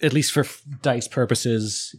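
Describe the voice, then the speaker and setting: A man's voice: mid-range voice, unhurried, no room sound. A man narrating as game master, playful and descriptive.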